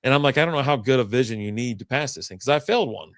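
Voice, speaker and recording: A man's voice: mid-range voice, animated, racing, dry recording, clean studio sound. A man hosting a casual chat, telling a rambling, profane story and acting out the people in it. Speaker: podcast host.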